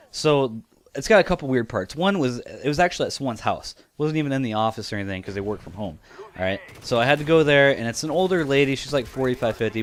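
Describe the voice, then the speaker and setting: Young male vlogger in his twenties, mid-pitched, chatty and giggly storyteller. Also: slight background noise. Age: 20s. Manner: chatty, laughs often, leans on "you know". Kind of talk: casual storytelling to camera.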